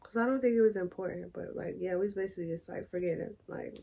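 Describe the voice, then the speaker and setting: A young woman telling a personal story in a chatty, animated way and addressing viewers as y'all. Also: fairly low pitch, fast, gravelly, slightly rough. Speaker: storytime vlogger. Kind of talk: casual storytelling to camera.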